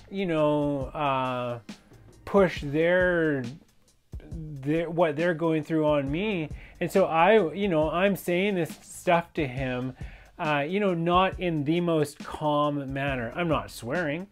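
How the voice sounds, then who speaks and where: A man speaking with a slightly raised pitch, telling a personal story with steady intensity. He rambles and restarts often, filling gaps with "you know" and "like". Faint music plays softly behind him. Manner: intense and emphatic, rambling with many fillers and restarts. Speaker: fitness and yoga instructor sharing personal stories.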